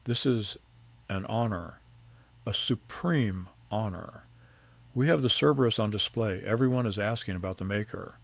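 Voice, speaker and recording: A formal, earnest French auction house chief, as a man puts him on. He speaks with a French accent in a very low, gravelly voice. His tone is courteous and excited. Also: moderate pace, dry recording. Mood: reverent.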